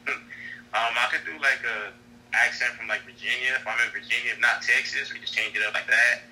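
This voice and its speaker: A man's voice: medium pitch, steady tone, fairly quick, pushed and bright, rough recording. A man who works as an actor, answering interview questions on a podcast in an easygoing, rambling way. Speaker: actor guest.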